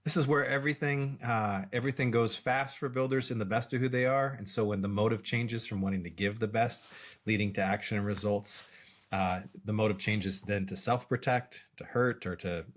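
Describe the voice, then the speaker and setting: Low-voiced man coaching on a podcast. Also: fairly even intonation. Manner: measured, explanatory, with frequent fillers and restarts. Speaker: podcast co-host, executive coach. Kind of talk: casual explanatory chat.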